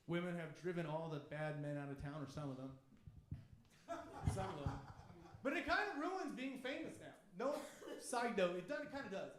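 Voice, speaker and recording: Male comedian, high voice, roomy club sound, crude and animated, live stand-up. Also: fairly quick, pauses often. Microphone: handheld stage mic. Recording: echoey club room. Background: audience laughter.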